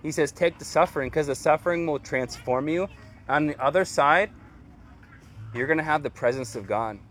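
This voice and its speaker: Earnest slightly high-voiced man preaching. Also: moderate pace, a bit bright, a little hiss or hum. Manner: earnest, conversational preaching with casual slang. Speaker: pastor. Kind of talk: sermon.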